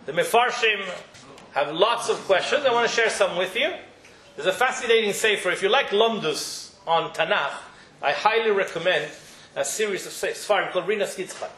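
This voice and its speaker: A man teaching a religious study class, telling the story in an animated way and often restarting his sentences. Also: high voice, moderate pace, echoey room, low-quality recording.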